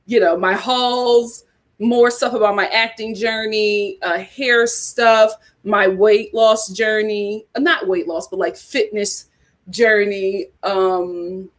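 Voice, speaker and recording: A woman hosting her own YouTube channel in a casual chat with her viewers, animated, and laughing often. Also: medium pitch, slow. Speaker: YouTube host.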